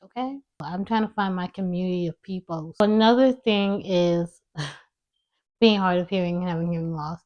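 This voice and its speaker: Soft-spoken young woman, mumbling low. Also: highs cut off. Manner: low, mumbling speech with a slight lisp. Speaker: vlogger. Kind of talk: casual personal storytelling to camera.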